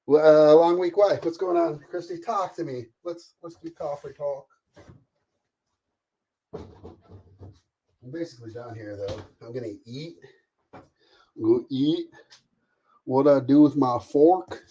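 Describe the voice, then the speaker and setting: A man's voice: a little high, animated, takes it slowly, pauses often, dark tone, slight background noise. A middle-aged man from Canada, live-streaming while he cooks, chatting casually with viewers, greeting them by name and swearing freely. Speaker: livestreamer cooking while reading chat.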